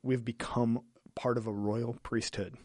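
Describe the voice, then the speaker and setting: A man, a pastor, chatting on a podcast in an earnest, halting way with frequent restarts. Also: mid-range voice, little pitch movement, darkish tone, no room sound, clean studio sound. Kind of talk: casual podcast chat.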